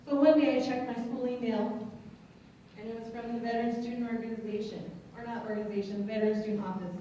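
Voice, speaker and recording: A woman's voice: on the high side, fairly even intonation, mellow, dull audio, slight background noise. Emotional woman in an echoey hall. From Colorado. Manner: earnest, emotional, halting at times. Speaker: student veteran speaker. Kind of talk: personal testimony speech. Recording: echoey hall, distant mic.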